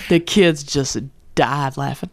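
A woman with a Southern US accent, a teacher co-hosting a podcast, telling stories with animated energy. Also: low-pitched, slow. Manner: animated storytelling, laughs easily. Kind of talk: casual chat.

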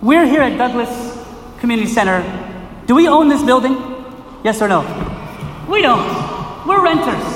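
A middle-aged male pastor preaching a lively sermon, acting out voices and questioning his listeners, recorded from a distance in a community center hall. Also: very high voice, normal speed, pauses often, a little hiss or hum. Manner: animated, acts out quoted voices, asks the crowd questions. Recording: echoey hall, voice from far off.

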